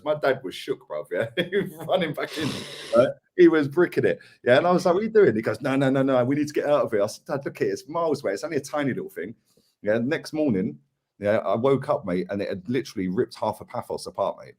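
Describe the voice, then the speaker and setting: A man's voice: medium pitch, lively intonation, quick pace, a little mellow, husky. A man from England co-hosting a football stream, a chatty storyteller who tags his sentences with "yeah" and "mate". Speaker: co-host of a football live stream. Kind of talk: casual chat.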